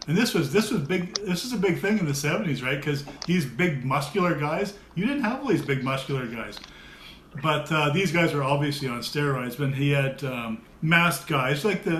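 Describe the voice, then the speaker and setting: A man chatting casually with friends, an animated storyteller who laughs often. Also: a little high. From America. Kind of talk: casual chat. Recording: echoey room with faint noise.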